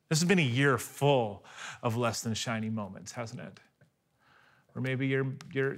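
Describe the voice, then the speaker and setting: A man in his thirties preaching a sermon, telling a story with animated delivery, often restarting on repeated words. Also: medium pitch, creaky. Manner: animated storytelling, voice rising when excited and dropping soft for quiet moments. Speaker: pastor.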